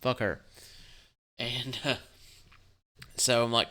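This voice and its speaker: Subdued man with a bright clear voice. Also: mid-range voice. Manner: halting, rambling, with frequent restarts and swearing. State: subdued and tired. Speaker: gaming channel host. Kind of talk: casual vlog talk.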